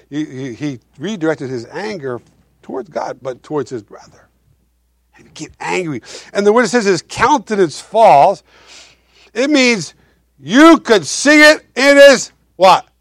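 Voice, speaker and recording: High-voiced preacher with swinging volume. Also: male voice, no echo, studio quality. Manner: preaching with wide swings between loud emphasis and quiet asides; asks the congregation questions. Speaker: pastor. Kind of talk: sermon.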